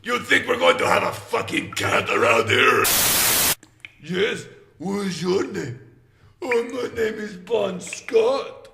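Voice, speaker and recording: A man plays a masked ghoul metalhead with a shrill, gravelly voice that leaps all over its range. He rants and barks orders, crude and mock-menacing, taking his time over the words. The sound is roomy, with faint noise behind. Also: very animated, slow pace, full character voice. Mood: ranting. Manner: shouting, profane, mock-menacing. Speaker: host of a call-in question segment.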